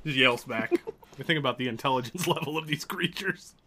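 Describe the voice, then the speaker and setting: A man's voice: a little high, a little fast, pushed and bright, a little hiss or hum. A man narrating a tabletop game as game master, loose and laughing, with casual swearing.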